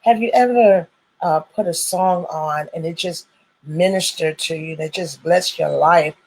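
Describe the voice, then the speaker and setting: A woman's voice: lowish voice, measured pace, darkish tone, slightly rough, rough recording. A woman hosting her own live stream, greeting viewers over and over in churchy, welcoming phrases. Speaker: host of a live stream show.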